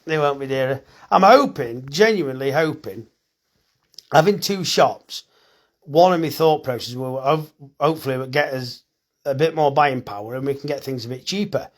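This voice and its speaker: A man's voice: mid-range voice, normal speed. A middle-aged man, a farmer and butcher, chatting casually and bluntly on a phone live stream, reading out comments and swearing now and then.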